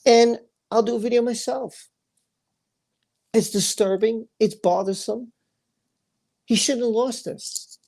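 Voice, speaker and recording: A man's voice: extremely high pitch, fairly even intonation, slow pace, vocal fry, long pauses, a little mellow. A man hosting a livestream and ranting angrily, emphatic and repetitive, often stumbling over his words. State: angry. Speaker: livestream host. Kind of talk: angry livestream rant.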